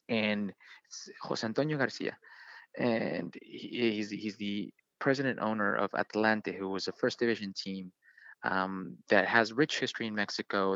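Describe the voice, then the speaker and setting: A man's voice: fairly low pitch, fairly bright tone, no room sound, dull audio. A man in his thirties, a soccer player, animatedly telling a story in an interview with lots of fillers. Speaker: guest, professional soccer player.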